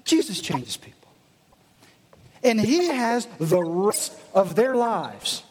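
A male pastor giving an animated sermon, acting out the voices of his listeners. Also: sits high, takes it slowly. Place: church meeting in a gym. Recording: echoey hall.

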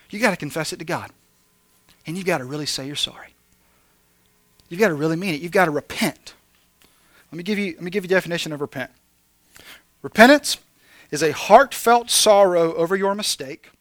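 A man's voice: fairly high pitch, a bit bright, no room sound. A man preaching a conversational sermon with jokey asides, talking candidly and animatedly to his congregation. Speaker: pastor.

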